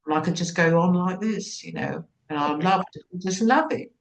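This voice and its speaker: A woman's voice: lowish voice, normal speed, gravelly, low-quality recording. Older woman, seasoned actress as interview guest, anecdotal and meandering, trails off and restarts. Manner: rambling and anecdotal, with frequent restarts. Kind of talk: casual conversation.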